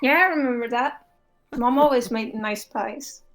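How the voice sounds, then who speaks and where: A man's voice: very high-pitched, normal speed, a bit bright, soft background music, voice pushed up. A man voicing an eager, pleading young woman adventurer. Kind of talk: tabletop role-play voice acting.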